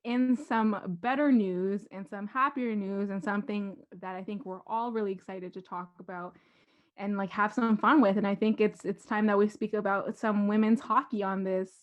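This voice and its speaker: A woman's voice: mid-range voice, fairly even intonation, normal speed. Female podcast co-host, chatty and careful with facts, muffled lo-fi mic. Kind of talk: casual sports chat.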